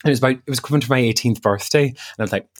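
An Irish man, a podcast co-host, telling an animated personal story, acting out what others said and laughing as he goes. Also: medium pitch, racing. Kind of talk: casual chat, personal storytelling.

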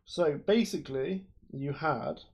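A man's voice: fairly high pitch, a little slow, husky. A man, co-hosting a podcast and explaining things at length in casual chat, with lots of fillers. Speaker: podcast co-host.

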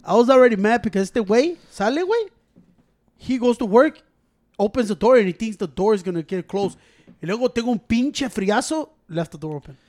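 A man with a rather high voice and a Mexican American accent, slipping Spanish into his English. He rants in casual podcast banter, swearing and piling up repeated words. He talks into a microphone at close range. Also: lively intonation, fairly quick, darkish tone, no echo. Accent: Mexican American English, mixing in Spanish. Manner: profane, ranting, repeats words in bursts. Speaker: podcast co-host.

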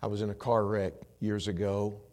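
A man preaching a sermon with animated storytelling, swinging between loud bursts and hushed moments and dropping in humorous asides. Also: on the low side, moderate pace. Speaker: pastor.

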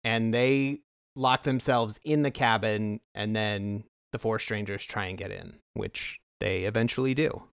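A man's voice: lowish voice, unhurried, smooth, no echo. Man chatting casually, dry close sound. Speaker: podcast co-host. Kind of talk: casual book-and-film discussion.

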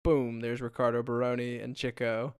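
A young man with a middle-pitched, gravelly voice tells a story loosely on a podcast, laughing and dropping into quoted lines. The recording is dry and close. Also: flat delivery, normal speed, no room sound. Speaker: podcast co-host. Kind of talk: casual chat.

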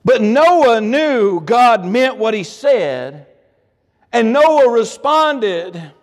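Man, a pastor, preaching with a very high voice and dramatic slow emphasis; long church reverb behind him. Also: sing-song. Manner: preaching with sudden drops and swells, slow emphatic stresses. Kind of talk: sermon. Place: church sanctuary.

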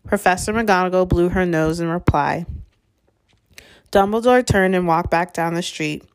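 A woman narrating a chapter of a storybook in a measured, steady way. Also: on the low side, soft background music. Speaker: audiobook reader.

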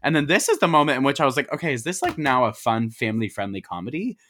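A man in a loose, laid-back recap of a film, heavy on slang and swearing, quoting each character as he goes. His voice sits at an ordinary middle pitch, recorded on a home mic over a call. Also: animated, quick pace, pushed and bright. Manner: slangy, profane, retells scenes in quoted voices. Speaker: podcast co-host. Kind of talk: casual movie recap.

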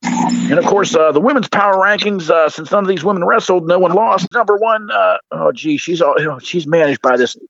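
Gravelly husky guy, high voice, crass wrestling banter, muffled lo-fi sound. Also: fairly quick, fairly bright tone, dry recording. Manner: gruff, crass, mock-outraged. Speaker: wrestling league commentator. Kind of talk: crude joking podcast banter.

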